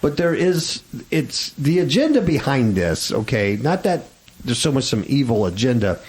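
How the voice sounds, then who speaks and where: A man's voice: mid-range voice, very animated, moderate pace, darkish tone. A man hosting a Christian talk radio show, rambling and stammering with indignant restarts.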